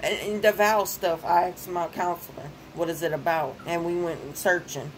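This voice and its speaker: A woman's voice: on the low side, steady tone, normal speed, a little hiss or hum, poor audio. A young woman, venting in a casual vlog. She rants, repeats phrases and gets herself worked up. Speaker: vlogger.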